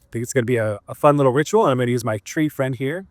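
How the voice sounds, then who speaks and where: A man's voice: mid-range voice, rapid-fire, no echo, studio quality. A man hosting outdoors in a park, chatting in a rambling, laughing, hippie-ish way as he leads a gratitude ritual. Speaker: host. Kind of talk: casual talk leading a gratitude ritual.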